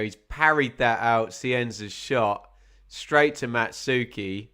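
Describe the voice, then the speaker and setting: A man's voice: mid-range voice, clean tone. A man doing chatty live commentary on a football match for a watch-along stream. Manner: chatty, wry asides, gets excited at chances.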